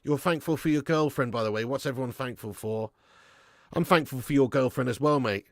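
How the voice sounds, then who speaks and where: A young man hosting a live football watch-along, reading out chat messages and commentating casually, swearing and shouting at players before dropping back to low mutters. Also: fairly quick, no echo.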